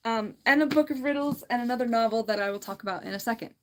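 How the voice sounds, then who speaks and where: A woman's voice: fairly high pitch, quick pace. A woman chatty, giggly livestream host. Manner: chatty and giggly, often restarting sentences. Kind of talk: casual livestream chat, reading viewer comments.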